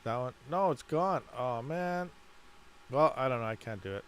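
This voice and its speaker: A man's voice: medium pitch, lively intonation, normal speed, a little hiss or hum. A man hosting a livestream, rambling casually, laughing a lot and muttering while he fiddles with settings. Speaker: mining livestream host.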